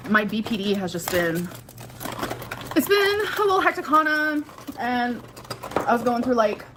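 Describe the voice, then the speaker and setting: A woman's voice: a little high, animated, normal speed, noisy background. A young woman vlogging to her viewers, chatty and rambling, filling her speech with "like" while she does her makeup. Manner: chatty, rambling, heavy use of "like". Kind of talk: casual vlog talking to viewers.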